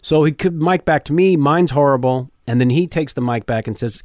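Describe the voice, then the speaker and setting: A man telling a story as a podcast guest, lively and acting out the people in it. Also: fairly high pitch, fairly quick, dry recording, clean studio sound. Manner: lively storyteller who acts out voices. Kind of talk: animated storytelling in casual chat. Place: garage home studio.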